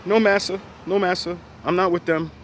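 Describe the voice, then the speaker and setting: A man's voice: sits high, steady tone, moderate pace, a bit bright, a little hiss or hum, voice pushed up. A man voicing a panicked man who frantically denies he belongs with a group, pleading and repeating himself.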